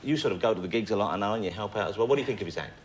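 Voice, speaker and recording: A man hosting a TV talent show, chatting to guests and introducing acts with quick patter and laughing asides. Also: on the low side, lively intonation. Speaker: TV show host. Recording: loud studio audience and noise.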